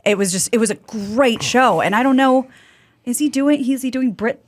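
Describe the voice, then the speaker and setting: A woman co-hosting a podcast, chatty and expressive in casual conversation. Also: fairly high pitch, moderate pace. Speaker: co-host. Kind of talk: casual interview chat.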